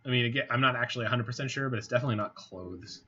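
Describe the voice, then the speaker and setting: A man's voice: mid-range voice, steady tone, rapid-fire, bright, forceful tone, breathy edge. A man giving casual commentary over a card game, thinking aloud with a wry, muttering manner. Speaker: game streamer. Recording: slightly dull home mic with faint noise.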